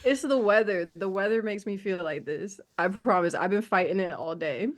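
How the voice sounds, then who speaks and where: A woman's voice: medium pitch, moderate pace, slight background noise. A woman co-hosting a podcast in easygoing, chatty conversation. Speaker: podcast co-host. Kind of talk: casual podcast chat.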